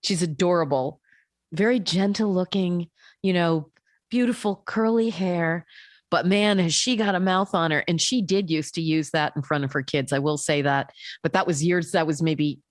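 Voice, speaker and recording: Animated woman telling a story. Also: fairly low pitch, moderate pace, no echo, clean studio sound. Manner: animated, lots of fillers and restarts. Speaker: podcast co-host. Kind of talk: casual chat, storytelling.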